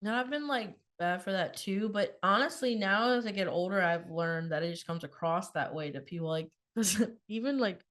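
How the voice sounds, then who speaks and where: A woman's voice: mid-range voice, normal speed, fairly bright tone. A woman in her twenties co-hosting a podcast, chatting casually, retelling conversations with lots of quoted back-and-forth and laughter. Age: 20s. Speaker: podcast co-host. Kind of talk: casual chat.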